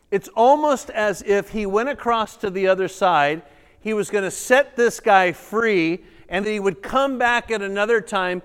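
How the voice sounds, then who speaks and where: A male pastor preaching a sermon, reading scripture dramatically and breaking into animated asides to the congregation. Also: sits high, clear, resonant tone. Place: church sanctuary. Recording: reverberant church hall.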